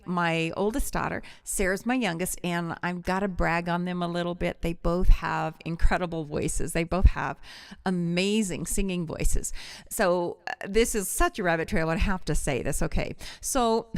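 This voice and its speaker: Middle-aged woman, live vocal coach; smooth, resonant voice, close and dry; chatty, digresses. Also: fairly low pitch, no room sound. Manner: chatty, digressive, warmly enthusiastic. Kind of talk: live-streamed singing lesson.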